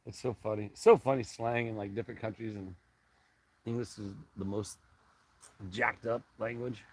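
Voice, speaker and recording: A middle-aged man hosting a casual live stream, rambling and halting as he reads viewer comments aloud and chats back. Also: on the low side, fairly even intonation, a little mellow, breathy edge, poor audio.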